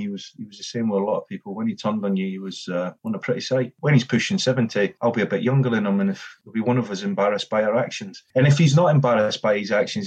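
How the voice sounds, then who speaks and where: A man's voice: fairly low pitch, husky. A former footballer telling blunt, sweary stories from his playing days in casual chat. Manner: swearing, animated storytelling with acted quotes. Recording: dull lo-fi sound.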